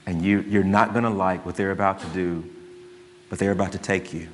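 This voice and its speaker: A man playing a grim, determined father who speaks low, steady and menacing. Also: fairly quick, a little hiss or hum, lightly acted. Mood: urgent calm. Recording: long hall reverb.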